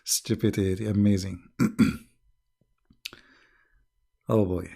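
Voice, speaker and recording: A man's voice: low-pitched, fairly even intonation, slow, mellow. Sarcastic man hosting a livestream. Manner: sarcastic, mocking, clears throat often. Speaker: livestream host. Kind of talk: commentary monologue.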